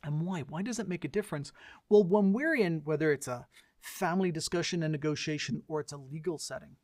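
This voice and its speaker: Brief: middle-aged man, bright higher register, earnest lecturer who uses rhetorical questions, dry close sound. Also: fairly quick, dry recording. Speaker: lecturer and mediator. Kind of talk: educational lecture to an audience.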